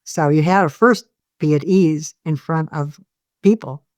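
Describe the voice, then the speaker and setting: A woman host in a casual interview, affirming her guest and briskly moving the talk along. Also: sits low, darkish tone, no echo, clean studio sound.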